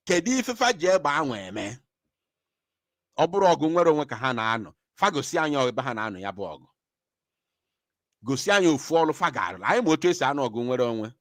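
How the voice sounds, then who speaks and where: A man's voice: mid-range voice, very animated, quick pace, fairly bright tone, no echo, clean studio sound. A man with an Igbo-accented Nigerian English voice giving impassioned commentary as a show host, angry and repeating phrases for emphasis.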